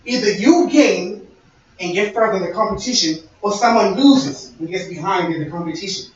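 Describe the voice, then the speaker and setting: A man's voice: high voice, expressive, normal speed, slight background noise. A young man giving a sermon-style talk, conversational and storytelling with quoted dialogue. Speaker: speaker. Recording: echoey, distant, dull-sounding room recording.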